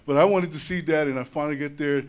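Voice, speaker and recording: A man's voice: rapid-fire, clean tone. Man telling an emotional personal story. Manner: animated, repeats words, voice drops low and soft in tender moments. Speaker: speaker sharing a personal testimony.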